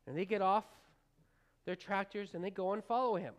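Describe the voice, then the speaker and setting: In a mid-range voice at a moderate pace, a female pastor wanders through an informal sermon. Her manner is folksy, speaking straight to the congregation, with plenty of fillers and false starts along the way.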